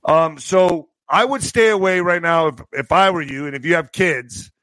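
Sarcastic high-voiced man reading news. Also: moderate pace, fairly bright tone, no room sound. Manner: sarcastic, stumbles over words while reading. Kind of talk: casual news commentary.

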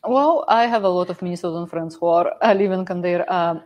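A woman from Russia with a Russian accent, a guest in a casual chat, speaking hesitantly with fillers and soft laughs. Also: lowish voice, brisk, muffled recording.

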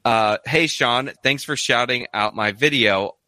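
A man's voice: mid-range voice, a little slow, bright, forceful tone, no echo. A man hosting a casual live stream, reading out viewer donations with a rambling, laugh-filled, filler-heavy way of talking. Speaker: streamer reading super chats.

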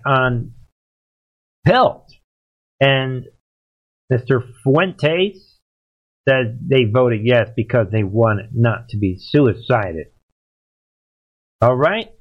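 A man's voice: mid-range voice, highs cut off. A man hosts a political livestream in a loose, rambling way. He leans hard on his points and keeps breaking off to talk to his chat. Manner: rambling, emphatic, talks to chat. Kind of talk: casual livestream commentary.

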